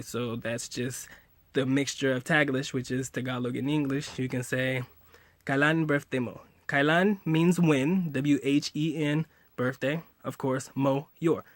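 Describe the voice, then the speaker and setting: A man's voice: medium pitch, fairly bright tone, dry recording. A man in his late twenties casually teaching simple phrases in a home video, joking and laughing easily with slangy talk. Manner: laid-back, joking, slangy, laughs often.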